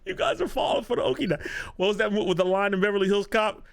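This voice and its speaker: A man co-hosting a podcast in casual chat, ranting with animated energy and laughing often. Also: high-pitched, fast, gravelly. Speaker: podcast co-host. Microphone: video podcast mic.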